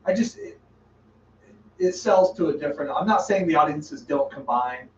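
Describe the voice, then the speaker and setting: A man's voice: on the high side, expressive, normal speed, echoey room, distant mic, dull audio, slight background noise. A man co-hosting a live podcast, rambling and trailing off as he chats. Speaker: podcast co-host. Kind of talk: casual chat.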